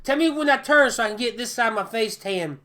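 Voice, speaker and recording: A man with a high, bright voice tells kitchen stories on a casual podcast. He is animated and keeps repeating and restarting his words as he goes. He talks like a working chef swapping tales. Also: fast talker.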